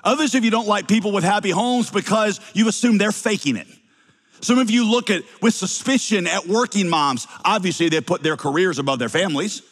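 Wry preacher with a slight Southern accent. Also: male voice, sits high, brisk, a bit bright, in a large hall. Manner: wry, teasing asides to the congregation. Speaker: pastor. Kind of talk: sermon.

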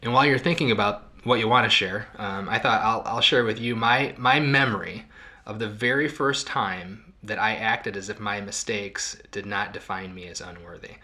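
A middle-aged man with a lowish voice and a bright, forceful edge hosts a casual podcast. He reflects out loud, stopping and restarting often, filling gaps with ums and dropping in quiet self-deprecating laughs. He speaks as a marital therapist would. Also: moderate pace.

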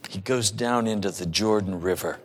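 A man's voice: on the low side, moderate pace, slightly rough, in a large hall. A male pastor preaching a sermon and telling stories with humor. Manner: storytelling with humor.

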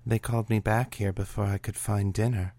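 A man reading the part of a sultry, teasing female medical examiner in a story, slow and suggestive. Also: fairly low pitch, level tone, mellow, no room sound. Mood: mock forlorn. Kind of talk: audiobook reading of a serial story.

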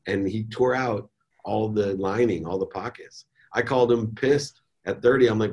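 A middle-aged man, a podcast guest, telling a personal story in a candid, animated way with casual slang. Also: lowish voice, moderate pace, lo-fi sound.

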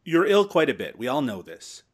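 A man's voice: a little high, very animated, moderate pace. A man from Canada hosting a comedic podcast, teasing his guests in a mock-serious, joking way. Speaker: podcast host.

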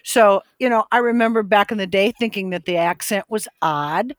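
A woman's voice: mid-range voice, normal speed, no room sound. Laid-back woman podcast co-host, dry sound. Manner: laid-back, storytelling with many fillers. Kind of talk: casual chat.

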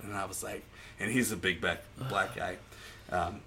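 A man co-hosting a podcast, telling stories loudly with frequent laughter in casual banter. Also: sits low, moderate pace, a little hiss or hum. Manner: loud, laughing, storytelling. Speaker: podcast co-host.

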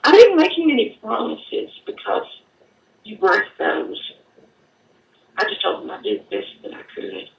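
A woman giving an earnest personal testimony, halting and at times choked up, in an echoey room away from the mic. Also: on the high side, huge pitch swings, vocal fry, far from the mic, dull audio. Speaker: guest telling her story.

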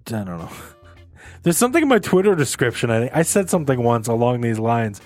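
Animated man in loose banter. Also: mid-range voice, a little fast, faint music behind. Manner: animated, imitates laughs. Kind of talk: casual chat.

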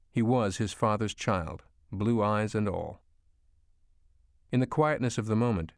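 Low-voiced man narrating an audiobook. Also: no room sound, clean studio sound. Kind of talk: scripted narration.

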